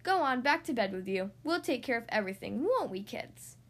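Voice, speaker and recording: A woman's voice: on the high side, very animated, a little fast. A woman voicing a cheerful, bossy father who takes charge of his children in a storybook reading. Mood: jolly. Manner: jolly, commanding.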